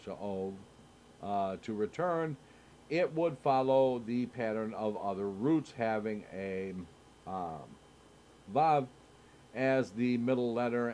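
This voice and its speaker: Slow, halting man reading scripture. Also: fairly low pitch, dark tone, a little hiss or hum. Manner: slow, halting reading with many filler sounds. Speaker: Torah study teacher. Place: synagogue.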